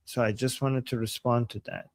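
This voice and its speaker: A man's voice: mid-range voice, fairly even intonation, fairly quick, creaky, dry recording. A young man co-hosting a live stream, talking in a casual, rambling way with many restarts, whose first language is Persian. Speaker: co-host. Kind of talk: casual livestream chat.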